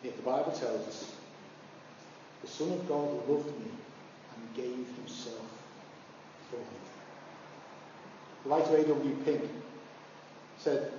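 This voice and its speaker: A man preaching a sermon, animated, climbing high when he acts out voices. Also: unhurried, pauses often, background noise. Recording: far-off, echoey hall, dull sound.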